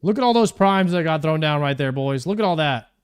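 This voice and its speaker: A man's voice: a little high, lively intonation, brisk, clean tone. A man streaming a video game live, chatting casually and thanking viewers by name.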